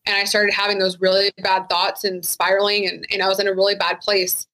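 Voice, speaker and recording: A woman's voice: mid-range voice, level tone, a little fast, pushed and bright, rough recording. A woman who is a retired sheriff's deputy, speaking frankly and casually as a guest in an interview, with many "like" fillers. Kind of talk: candid interview conversation.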